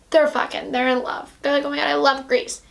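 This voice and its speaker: A woman's voice: high-pitched, very animated, normal speed, gravelly, pushed and bright. A woman hosting a podcast, chatting casually and animatedly as she retells a film, full of "like"s and acted-out quotes. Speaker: podcast host. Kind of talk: casual chat recapping a film.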